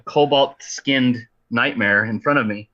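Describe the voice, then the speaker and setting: A male tabletop gamer cracks wry jokes in a bright, sharp voice. He sounds a bit dull and lo-fi through his mic. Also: mid-range voice, a little slow. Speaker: player. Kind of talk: playing a tabletop game.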